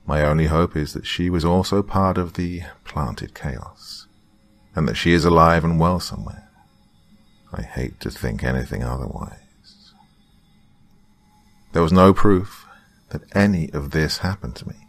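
A man giving a slow, dramatic scripted horror narration that drops into whispers for effect. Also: very deep voice, vocal fry.

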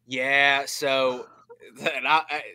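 A man with a bright, forceful voice tells stories on a podcast, slipping into impressions and laughing along the way. The sound is dry and close, with no room in it. He talks casually, as a regular co-host would. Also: medium pitch, very slow, clear, resonant tone, no echo. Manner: animated storyteller who slips into impressions and laughs. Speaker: podcast co-host, former team staffer. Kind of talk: casual storytelling chat.

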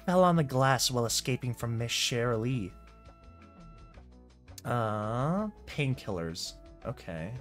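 Casual reader freaking out over a comic slideshow, mid pitch, soft music under it. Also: takes it slowly, long pauses. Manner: excited, exclaiming reactions. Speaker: narrator reacting to a comic.

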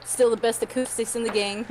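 A woman's voice: on the high side, heavy background noise. A woman in a casual voice chat with friends while playing an online game, swearing and laughing a lot. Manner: profane, excitable, laughs a lot.

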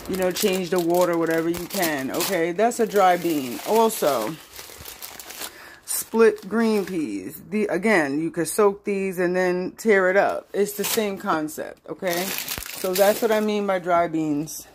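Sassy woman hosting a slow cooking demo. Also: lowish voice, background noise. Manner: playful, sassy, talks straight to viewers. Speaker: cooking channel host. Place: home kitchen.

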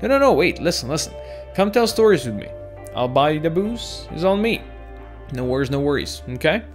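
A man's voice: a little high, big pitch swings, a little fast, faint music behind, pitched above the performer's own voice. A man doing a rowdy drunk old tech hunter. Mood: boisterous. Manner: rambling, boozy, folksy storyteller.

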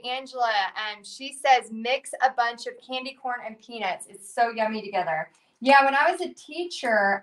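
A woman's voice: high-pitched, fairly bright tone. A middle-aged woman, chatting in a bubbly way as she runs a live painting lesson and reads out viewer comments. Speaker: painting instructor. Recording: voice a bit distant from mic.

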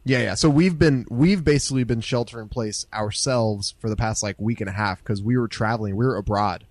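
A man's voice: lowish voice, brisk, darkish tone, no room sound. A young man talking as a podcast guest, laid-back and rambling with many fillers. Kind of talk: casual podcast chat.

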